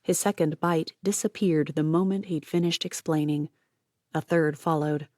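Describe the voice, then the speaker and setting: A woman narrating an audiobook with an even, measured storytelling delivery on a close mic. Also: low voice, dry recording. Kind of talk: scripted narration.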